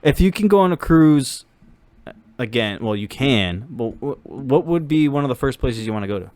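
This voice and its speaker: A man's voice: medium pitch, lively intonation, normal speed, a little mellow. A young man co-hosting a casual podcast chat, rambling and jokey, with lots of "like" fillers. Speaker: podcast co-host.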